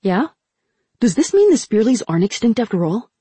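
A woman voicing a cheeky, nosy teenage boy soldier who teases loudly in a raised, high voice. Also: very animated, brisk, breathy edge, dry recording, heavily acted. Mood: teasing. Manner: high, loud and teasing.

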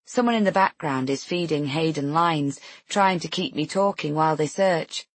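A woman's voice: low-pitched, normal speed, hardly any pauses, dry recording. A woman narrating a novel in first person, tense and introspective. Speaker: audiobook narrator.

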